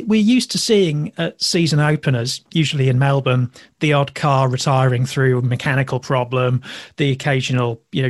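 A man's voice: mid-range voice, dry recording, clean studio sound. A man with a Yorkshire accent, a magazine editor speaking as a podcast guest in casual chat, rambling with frequent restarts and wry asides.

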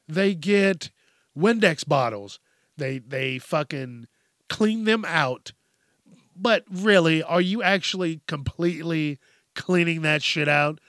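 A man's voice: a little high, takes it slowly, a bit bright, no echo, clean studio sound. A man hosting a podcast, ranting bluntly and with heavy profanity, laughing often as he goes. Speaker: podcast host. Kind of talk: casual comedic rant.

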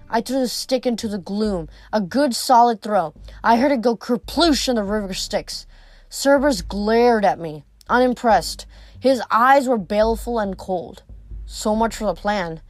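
A woman's voice: medium pitch, dry recording. A woman reading a novel aloud, sometimes stumbling and restarting a word. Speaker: reader.

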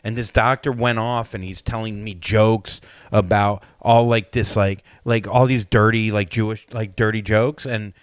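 A man's voice: on the low side, steady tone, a little slow, few pauses, no echo. A comedian in his late thirties hosting a podcast, telling a rambling, self-mocking story in casual chat. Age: late 30s.

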